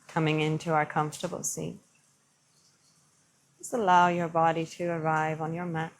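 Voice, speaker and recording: Woman yoga teacher, slow gentle guidance, slightly low voice, faint background noise. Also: little pitch movement, poor audio. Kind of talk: guided yoga instruction.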